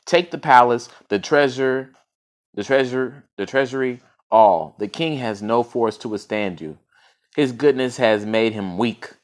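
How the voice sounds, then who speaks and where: A man's voice: medium pitch, unhurried, natural voice. A man doing a sly, scheming minister. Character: scheming greedy male royal minister.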